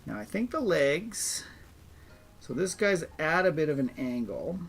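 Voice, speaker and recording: A man chatting casually to his stream while assembling miniatures, talking to himself in a chatty, self-mocking way and now and then slipping into high sing-song baby talk. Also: big pitch swings, a little slow, vocal fry, slight background noise. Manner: chatty, self-deprecating, talks to himself as he works. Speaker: hobby streamer.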